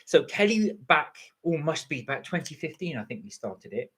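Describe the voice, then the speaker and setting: A man's voice: fairly high pitch, sing-song, normal speed, fairly bright tone, husky. A middle-aged man co-hosting a casual live-stream chat, friendly and teasing as he thanks viewers. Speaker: channel co-host.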